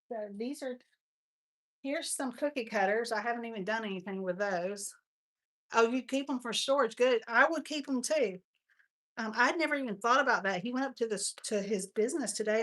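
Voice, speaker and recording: A woman's voice: a little high, a bit bright. A woman with a Texan accent hosting a live crafting stream, chatting and rambling through stories as she shows her supplies. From Texas. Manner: chatty, rambling storyteller, says y'all. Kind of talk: casual crafting chat.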